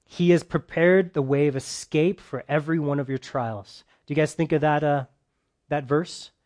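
A man preaches a conversational sermon, repeatedly asking his listeners questions and swinging between loud, emphatic bursts and quiet, soft stretches. His voice is a little high and steady in tone, at normal speed.

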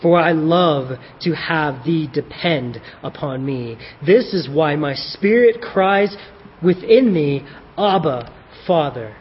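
A man's voice: on the high side, expressive, slow. A man preaching a sermon who asks rhetorical questions and answers them himself, then reads a devotional in an old-fashioned scriptural style. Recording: dull, echoey hall with faint hiss.

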